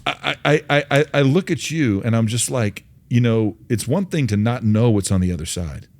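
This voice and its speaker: A man's voice: medium pitch, animated, moderate pace, a little mellow. A man hosting an interview, telling a folksy parable in an earnest way with many restarts. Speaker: host. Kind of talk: faith-based interview, storytelling.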